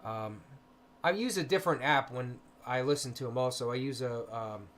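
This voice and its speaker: A man of ordinary pitch talks in a low-key, hesitant way, pausing often with ums as he hosts a casual livestream. A faint hiss of background noise sits under his voice from a home computer mic. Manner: soft-spoken, hesitant with many ums. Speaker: paranormal livestream host.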